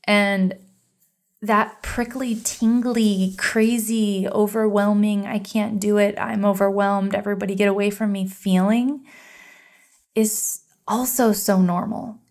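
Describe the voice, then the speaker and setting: A woman's voice: medium pitch, darkish tone. A woman in her thirties hosting a solo podcast, talking earnestly and encouragingly about trust and surrender. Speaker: podcast host.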